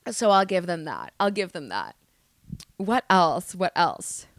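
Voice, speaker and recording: A woman's voice: on the low side, very animated, measured pace, dry recording, clean studio sound. A young woman hosting a comedic solo podcast, rambling animatedly, swearing and poking fun at herself. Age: young adult. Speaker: podcast host.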